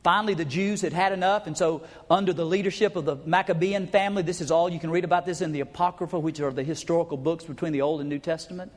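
A man's voice: fairly high pitch, steady tone, quick pace, hardly any pauses. A man preaching a folksy, emphatic sermon to his congregation, sometimes acting out crowd chants. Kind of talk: sermon teaching. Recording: hall reverb.

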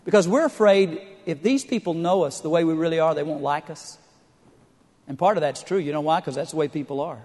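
A man's voice: fairly high pitch, a little fast, a little mellow, in a large hall. A middle-aged male pastor preaching a sermon, telling stories with humor and building to emphatic points. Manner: storytelling with humor, rising emphatic delivery.

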